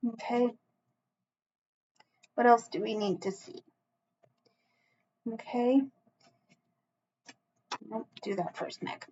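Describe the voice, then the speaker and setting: Slow, halting woman reading tarot. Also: fairly high pitch, darkish tone, lo-fi sound, slight background noise. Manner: halting, earnest, frequent restarts and reassuring "okay?". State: emotional, close to tears. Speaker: tarot reader. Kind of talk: solo tarot reading to camera.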